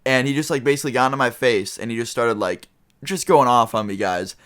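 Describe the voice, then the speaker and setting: A man's voice: mid-range voice, fairly quick, fairly bright tone. A young man telling a casual storytime vlog, rambling with lots of fillers and swearing. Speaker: vlogger.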